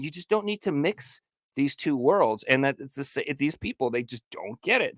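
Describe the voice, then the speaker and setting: A man hosting a podcast rants with heat and plenty of swearing, and he now and then slips into mocking made-up quotes. His voice runs a touch high and swings widely in pitch. It sounds close and dry, with no room around it. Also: sharp tone, no room sound. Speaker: podcast host. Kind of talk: heated casual podcast rant.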